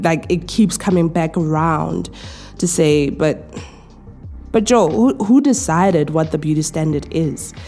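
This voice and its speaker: A woman hosting a casual solo podcast from home, talking in a relaxed, chatty way with many fillers and restarts, her voice tired. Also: on the low side. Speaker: podcast host. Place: home, in pajamas.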